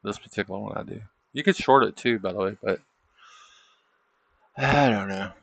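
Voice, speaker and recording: A man's voice: fairly low pitch, moderate pace, gravelly, no room sound. A man hosting a trading livestream, chatting casually over charts and tossing in tag questions like "isn't it?". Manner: loose, chatty, thinking aloud.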